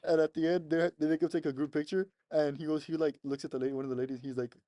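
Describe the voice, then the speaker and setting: A young man co-hosting a podcast in casual chat. His voice is mellow and a little higher than most men's. He sounds laid-back and laughs often as he retells clips, in a dry, close room. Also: flat delivery, very fast, dry recording. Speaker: podcast co-host.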